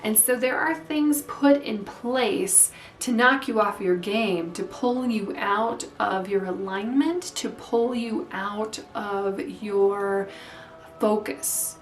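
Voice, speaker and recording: A woman doing a spiritual tarot reading, talking in a rambling, halting way with many fillers. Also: mid-range voice, distant mic, soft background music. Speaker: tarot reader. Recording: echoey room, away from mic.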